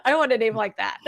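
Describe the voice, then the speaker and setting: A woman hosting a casual live stream, upbeat and quick to laugh, talking with many fillers and restarts. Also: high voice, vocal fry. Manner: laughs often, upbeat and chatty; filler-heavy, restarts often. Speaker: real estate live stream host.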